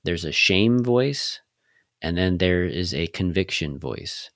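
Guy with a low voice on a faith podcast, earnest coaching tone, dry close sound. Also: expressive, slow pace, a bit bright, no echo. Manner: earnest, coaching, gives step-by-step instructions. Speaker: podcast co-host. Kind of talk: faith-based podcast teaching.

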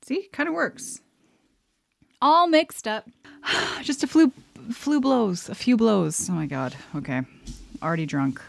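A woman's voice: on the high side, expressive, takes it slowly, creaky, long pauses, no room sound. Bubbly, giggly woman podcast host. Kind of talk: casual chat.

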